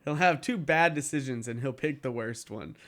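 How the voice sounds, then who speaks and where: A man's voice: mid-range voice, moderate pace, a bit bright. A man co-hosting a podcast in casual chat, talking loosely with lots of filler words. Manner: loose, rambling, heavy on "like". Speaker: podcast co-host.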